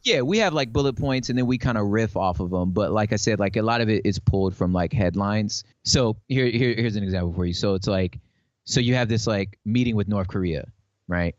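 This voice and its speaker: A man's voice: lowish voice, fairly quick, no echo, lo-fi sound. A man on a podcast, casual and slangy, who tells stories animatedly and acts out voices as he goes. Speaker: podcast guest. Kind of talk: casual chat.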